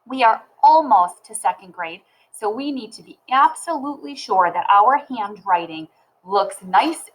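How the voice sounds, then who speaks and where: A woman teaching a phonics lesson to young children, sounding words out slowly and clearly. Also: on the high side, rough recording.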